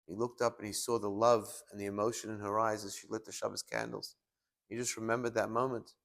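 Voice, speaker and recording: A male rabbi giving a sermon, telling stories with lively shifts and acting out the people he quotes. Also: fairly low pitch, a little fast, vocal fry. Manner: animated storyteller, acting out quoted voices. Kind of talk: sermon with storytelling.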